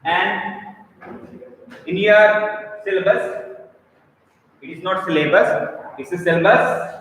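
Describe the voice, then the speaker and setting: A man's voice: high-pitched, fairly even intonation, slow pace, a bit bright, very echoey, big-room sound, a little hiss or hum, rough recording. A man with an Indian English accent teaching a biology class online, explaining patiently and calling on students by name. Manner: instructive, repeats points, calls on students by name. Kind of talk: live online class lecture.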